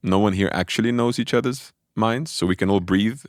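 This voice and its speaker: A man with a voice on the low side talks briskly, telling a personal spiritual story in a relaxed podcast conversation. He is animated and often restarts his sentences.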